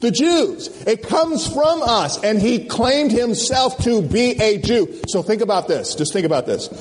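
A man preaching a sermon at a conference, animated and folksy, firing questions at the crowd. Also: high voice, measured pace, a little hiss or hum. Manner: animated, call-and-response questions, folksy slang. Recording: long hall reverb.

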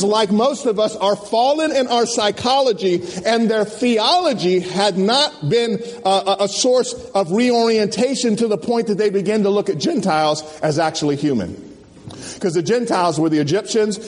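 High-voiced animated preacher in a hall. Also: male voice. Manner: animated, call-and-response questions, folksy slang. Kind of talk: sermon at a conference. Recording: long hall reverb.

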